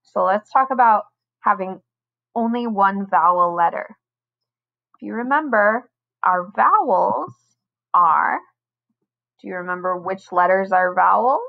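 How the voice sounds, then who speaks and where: Woman teacher talking slow n patient to little kids, over-enunciates, kinda dull lo-fi sound. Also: mid-range voice, creaky. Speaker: first grade teacher. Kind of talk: recorded online lesson for children.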